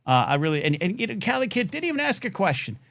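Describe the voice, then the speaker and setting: A man hosting a live call-in talk show in a casual chat, animated, often jumping up into playful high tones with many restarts. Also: quick pace, gravelly, dry recording, studio quality.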